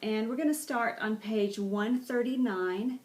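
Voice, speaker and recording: A woman ESL teacher slowly and carefully pronouncing vocabulary words, repeating each one several times for her students. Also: a little high, darkish tone. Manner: slow, careful enunciation with repetition. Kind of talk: vocabulary pronunciation lesson.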